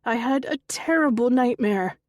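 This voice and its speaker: A woman's voice: on the high side, moderate pace, no room sound, studio quality, pitched above the performer's own voice, close to an everyday voice. A woman voicing a terrified older mother who shrieks frantic pleas during night terrors in an audiobook. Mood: shaken.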